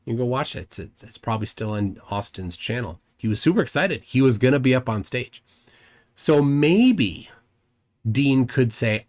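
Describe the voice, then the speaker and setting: A man hosting a livestream, rambling through commentary and reading chat comments aloud, often repeating words as he goes. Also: mid-range voice. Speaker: livestream host.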